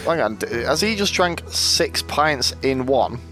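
A man playing a tabletop game, reacting quickly and casually. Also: medium pitch, very animated, sharp tone, faint music behind. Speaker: player.

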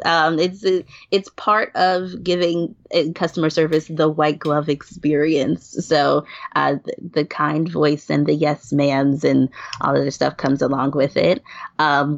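A New York woman appears as a podcast guest for a casual chat, laughing often and restarting her sentences amid many fillers. Her voice sits low and gravelly, and the recording is dry with a dull lo-fi sound.

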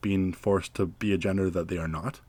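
A young man co-hosting a casual film review podcast, talking haltingly with many stammers and repeated words. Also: low-pitched, steady tone, darkish tone. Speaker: podcast co-host.

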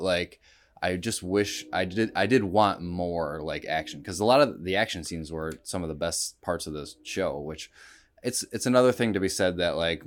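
Male podcast co-host, very deep and smooth, hedges a lot with fillers. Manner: thoughtful, hedging, many "like" and "um". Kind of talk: casual chat.

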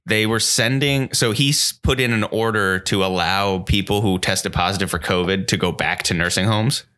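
A man's voice: lowish voice, normal speed, bright, forceful tone, clear, resonant tone. A man co-hosting a casual chat show, cutting in with sarcastic, dry quips. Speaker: podcast co-host.

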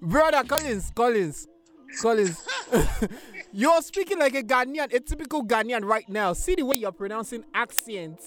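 Lively high-voiced male host, teasing. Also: normal speed. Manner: playful, teasing, laughs often. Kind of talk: casual chat.

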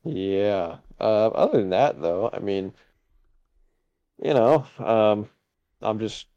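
Man, casual sports podcast co-host, hesitant, filler-heavy, dark mellow tone, lo-fi audio. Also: lowish voice, animated, slow, clear, resonant tone. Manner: hesitant, many fillers, chuckling asides.

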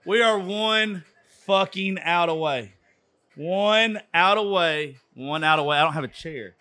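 A man's voice: high-pitched, measured pace, bright, forceful tone, dry recording. A tipsy man from Georgia with a Southern accent, hosting a rowdy, profane live sports call-in style show. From Georgia, USA. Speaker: radio show host. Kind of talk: drunk live sports commentary.

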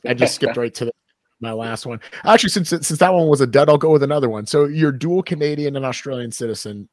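Joking, dry-voiced podcast co-host. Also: male voice, medium pitch, fast, a little mellow, dry recording. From New Hampshire. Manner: rambling, joking, full of fillers. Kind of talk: casual chat.

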